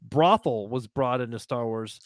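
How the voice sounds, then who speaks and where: A man's voice: mid-range voice, unhurried, no echo, studio quality. A man co-hosting a podcast, chatty and jokey in casual talk. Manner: chatty, hesitant with restarts, jokey. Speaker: podcast co-host. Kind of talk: casual chat.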